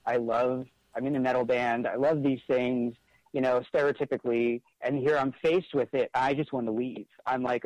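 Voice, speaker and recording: A man in an interview tells a personal story in a mid-pitched voice. He talks earnestly, often stops to restart a thought and leans on the word "like". The sound is dry and close. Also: steady tone, normal speed, darkish tone, no room sound, low-quality recording. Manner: earnest, frequent "like" fillers and restarts. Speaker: interview guest. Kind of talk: conversational storytelling.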